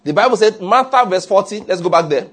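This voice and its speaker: A man preaching a sermon in an animated way, often checking with his listeners. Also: sits high, fast talker, breathy edge. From Nigeria. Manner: animated, asks the audience often.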